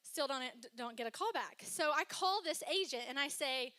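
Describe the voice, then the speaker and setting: High, bright-voiced chatty woman pastor. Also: expressive, moderate pace, few pauses. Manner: chatty, personal storytelling with laughs and asides. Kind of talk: sermon. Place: church stage before a congregation.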